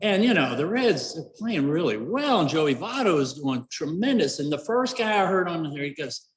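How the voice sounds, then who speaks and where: A middle-aged man gives an award introduction at a club banquet. His voice sits a little high, and he talks in a folksy, rambling way, full of "uh" and restarts. The sound carries the echo of a large hall. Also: very animated, normal speed. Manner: folksy storyteller, many fillers and restarts. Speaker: Rotary club member giving award introduction. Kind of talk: after-dinner speech with a joke. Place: event hall.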